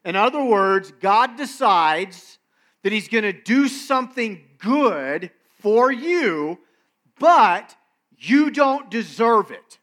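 A man's voice: high-pitched, fairly bright tone. A male pastor preaching a sermon emphatically to his congregation, speaking to them directly.

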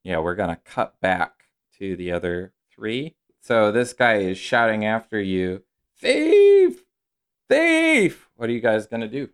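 A man narrating a tabletop game as game master, calm and measured. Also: on the low side, clean tone.

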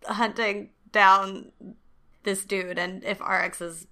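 A woman's voice: medium pitch, level tone, slow, sharp tone. A woman playing a tabletop game, chatting casually and laughing easily. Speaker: player.

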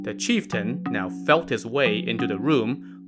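A man's voice: medium pitch, measured pace, few pauses, over music. A man narrating a classic tale in a casual, wry style with modern slang. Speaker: storyteller.

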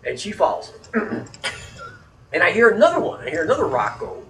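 A man's voice: high voice, huge pitch swings, fairly quick, fairly bright tone, echoey room, recorded from a distance, slight background noise, poor audio. A man telling a story in casual chat, rambling and swearing, getting worked up when annoyed.

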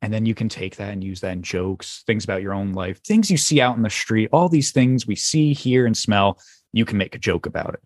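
A man hosting a casual podcast chat, telling stories in an animated way and swearing casually. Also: on the low side, a little fast, no echo. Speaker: podcast host.

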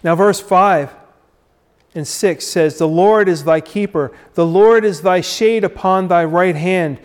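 A man preaching a sermon, slow and emphatic, repeating his key phrases and dramatically acting out the quoted figures. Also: high voice.

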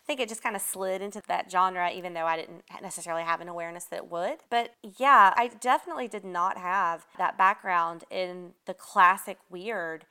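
A woman from Atlanta, chatting as an author guest in a casual interview, animated and quick to laugh. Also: on the low side, clean tone. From Atlanta, Georgia. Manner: animated, laughs often, restarts words.

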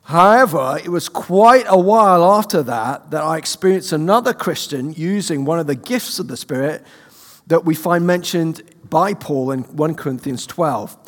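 A man's voice: on the high side, moderate pace, in a large hall. A British man preaching a sermon, telling a personal story with humour. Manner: humorous, animated storyteller. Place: church.

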